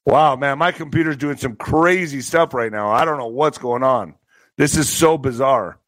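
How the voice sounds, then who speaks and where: A man's voice: medium pitch, moderate pace, a bit bright, dry recording. A man reading out news headlines in a casual stream, sarcastic and stumbling over words.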